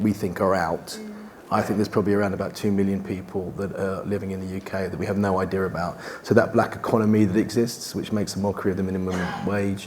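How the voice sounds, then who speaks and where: A man with a fairly low voice, speaking on a panel. He is earnest and measured, laying out his points steadily. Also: darkish tone, a little hiss or hum. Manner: earnest, measured, issue-focused. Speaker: documentary presenter on a panel. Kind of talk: casual panel discussion.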